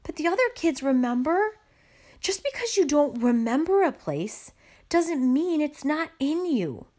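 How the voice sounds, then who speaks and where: A woman's voice: high-pitched, sing-song, measured pace, darkish tone, pitched above the performer's own voice. A woman reading aloud, voicing an old grandmother who fondly recalls her island for a child.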